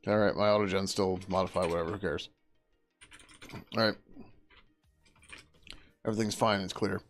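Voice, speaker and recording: A man's voice: low voice, fairly even intonation, normal speed, faint music behind. A man thinking aloud as he works through code on a live stream, muttering to himself, trailing off and swearing casually. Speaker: software developer streaming his work.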